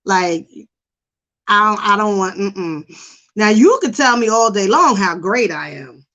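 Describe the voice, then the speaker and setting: A middle-aged woman hosting a psychology podcast, talking in a chatty, animated way with lots of fillers. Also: mid-range voice, a little slow. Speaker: podcast host, psychology professional. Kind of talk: casual chat.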